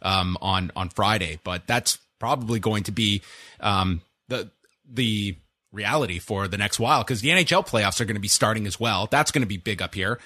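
A man's voice: lowish voice, normal speed, pushed and bright, no room sound. A man hosting a casual podcast, rambling with dry sarcasm. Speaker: podcast host.

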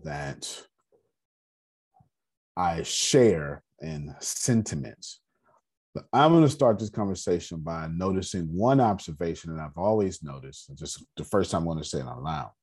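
A man with a raspy voice hosting a casual group discussion, speaking in a measured, emphatic cadence. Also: low voice, animated, darkish tone. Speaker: host.

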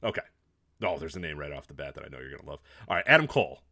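Laughing, lively-voiced man co-hosting a podcast. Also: a bass voice, racing, creaky, no room sound, studio quality. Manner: laid-back, swears casually, laughs often. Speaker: podcast co-host. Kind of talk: casual wrestling podcast chat.

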